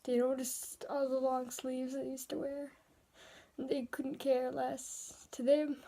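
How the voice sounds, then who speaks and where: A woman narrating a dark first-person story in a soft, hesitant voice that often drops into a whisper. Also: high-pitched, little pitch movement, slow, vocal fry.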